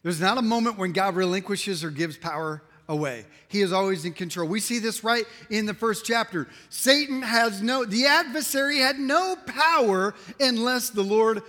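High-voiced man preaching in a reverberant hall. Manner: emphatic, animated storytelling with quick asides. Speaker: pastor. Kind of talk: sermon.

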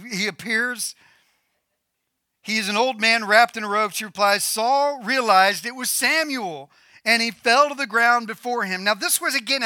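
A man preaching a sermon, retelling a scripture story with animated, playful asides. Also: sits high, dry recording, clean studio sound. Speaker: pastor.

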